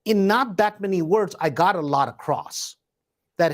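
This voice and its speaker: A man teaching real estate investing in a loose, conversational way, often checking in with the listener with a quick "right?". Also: sits high. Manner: conversational, peppers points with a tag question "right?"; acts out door-knocking scripts in a hesitant, searching tone. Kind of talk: live instructional talk.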